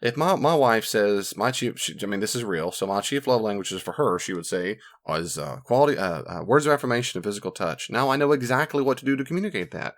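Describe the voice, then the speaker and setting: A man with a fairly low voice gives marriage advice in a relaxed teaching talk. He is animated and slips into the voices of the people he quotes. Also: quick pace, hardly any pauses. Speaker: marriage counselor.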